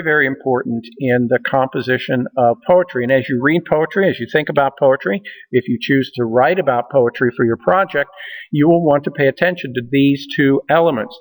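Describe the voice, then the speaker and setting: A man's voice: mid-range voice, long reverb tail, poor audio. Man explaining poetry in a lecture. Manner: explanatory, with frequent uh and um fillers. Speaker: college literature instructor. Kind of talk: recorded lecture.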